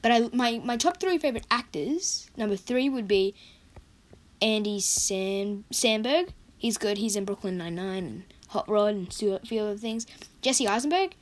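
A young woman with a croaky voice, rambling in a casual vlog about her favourite movies and correcting herself often. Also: mid-range voice, moderate pace. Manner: rambling, chatty, self-correcting. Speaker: vlogger. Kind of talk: casual movie countdown chat.

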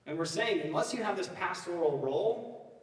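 Casual joking pastor in an echoey church hall. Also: male voice, sits high, animated, moderate pace, recorded from a distance. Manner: casual, joking, often asks the crowd "you know what I mean?". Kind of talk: sermon with personal storytelling. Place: church sanctuary.

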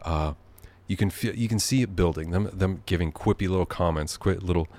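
A very deep-voiced man hosting a podcast from his living room. He rambles sardonically and swears freely, drifting off into asides as he goes. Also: brisk, darkish tone. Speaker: podcast host. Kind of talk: rambling comedic monologue.

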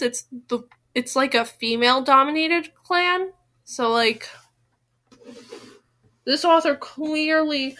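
A woman with a high, bright voice reads a novel aloud in a relaxed, chatty way. She keeps drifting off the page into animated, rambling asides before picking the story back up. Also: takes it slowly, pauses often. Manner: animated, breaks off into rambling side comments. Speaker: reader of a novel.

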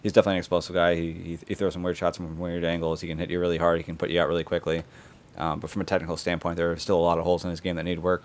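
A man with a low, flat voice recaps fights on a podcast. He talks quickly and casually and scatters "uh" and "um" through every sentence. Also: slight background noise. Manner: rapid and conversational, with many "uh" fillers. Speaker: podcast host.

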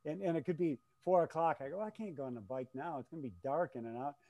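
Older guy telling stories, kinda high voice, laughs a lot, dry close mic. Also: quick pace, no echo, dull audio. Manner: animated, laughs often, acts out shouts. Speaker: guest, race announcer. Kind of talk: casual storytelling.

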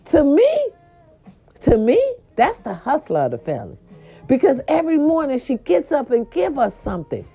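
Animated, profane woman spilling gossip. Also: normal speed, muffled recording, faint music behind. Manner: animated, profane, big swoops up in pitch. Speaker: gossip vlogger. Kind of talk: casual celebrity gossip monologue.

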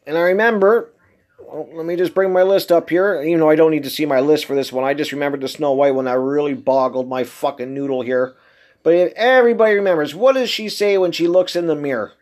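Incredulous, swearing man, slightly high voice. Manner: heavy swearing, emphatic and incredulous. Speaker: podcast host. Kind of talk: casual solo podcast monologue.

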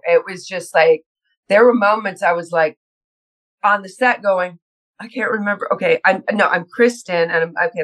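A middle-aged woman guesting on an interview podcast tells animated stories. She jumps into her own panicked inner voice, stumbles over restarts and laughs easily. Her voice sits at an ordinary pitch. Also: poor audio. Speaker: guest actress. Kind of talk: casual interview chat.

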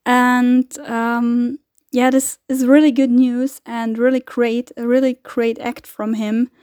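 Slow, halting woman host. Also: a little high, little pitch movement, darkish tone, no echo, studio quality. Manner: hesitant, halting, many fillers and restarts. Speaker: podcast host giving weekly updates. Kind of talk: casual spoken appeal.

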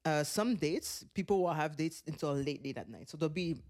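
A man with a fairly high voice co-hosts a casual podcast chat. He laughs a lot, gets animated, and jumps in quickly while talking over a reality show. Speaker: podcast co-host.

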